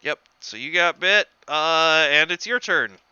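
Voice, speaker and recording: A man running a tabletop game as game master, talking in a halting way and laughing easily. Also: on the high side, sharp tone, clean tone, no echo, highs cut off.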